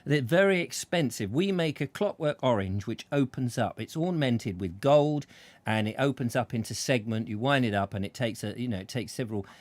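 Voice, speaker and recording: A man's voice: mid-range voice, animated, fairly quick, no echo. A man hosting a casual chat show, rambling through anecdotes and chuckling as he tells them. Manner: rambling anecdotes with laughs, acts out voices. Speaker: host.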